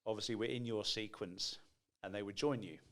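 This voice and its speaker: A man's voice: on the low side, brisk. A man hosting a casual podcast, asking long, rambling questions in a friendly way. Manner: friendly, rambling questions, calls guest mate. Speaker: podcast host.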